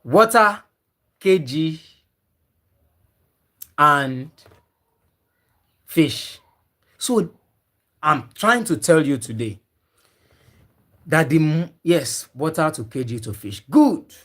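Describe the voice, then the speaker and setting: A man's voice: a little high, lively intonation, very slow, long pauses, a bit bright. A man teaching a live online class on fish farming, repeating his key points again and again and talking to viewers typing in the chat. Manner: emphatic, repeats key points many times.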